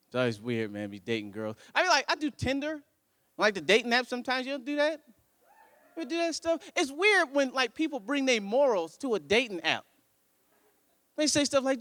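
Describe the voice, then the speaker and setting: A man doing a stand-up routine, swinging between low mutters and loud outbursts. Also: big pitch swings, brisk, dry recording. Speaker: stand-up comedian.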